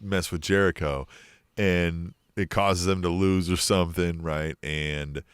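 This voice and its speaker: A low-voiced man talks as a podcast co-host in loose, animated chat, swearing freely and checking in with "right?" His voice is smooth and resonant. The recording is dry and close, with no room sound. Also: a little slow, no room sound. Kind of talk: casual chat.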